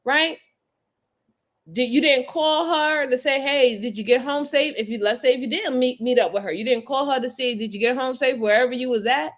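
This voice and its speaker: A woman's voice: high-pitched, normal speed. A woman hosting a live stream, casually commenting on crime footage and reading viewer comments aloud with frequent laughter.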